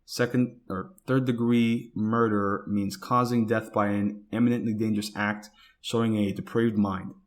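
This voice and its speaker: A man with a fairly low voice hosts a talk podcast, reading news reports aloud. He often stumbles and restarts words, and breaks off into casual spoken asides. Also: little pitch movement, normal speed. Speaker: podcast host.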